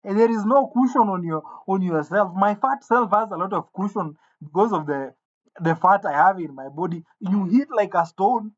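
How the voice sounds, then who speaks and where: A man's voice: high voice, moderate pace. Man telling a comic gossip story, lo-fi. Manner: animated, with stammered restarts and sudden jumps into quoted voices. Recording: dull lo-fi sound.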